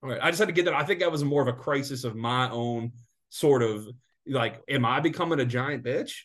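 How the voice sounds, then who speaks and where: A man co-hosting a casual podcast, ranting with lots of swearing and animated outbursts. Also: medium pitch, fairly quick. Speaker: podcast co-host. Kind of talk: casual sports betting podcast chat.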